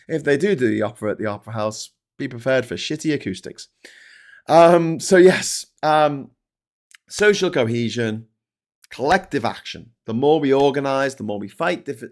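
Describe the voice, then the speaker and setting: An Englishman hosts a casual live stream, swearing often as he rants. His voice sits at a middle pitch, and he talks in a loose, animated way while reading comments and the papers. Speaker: host.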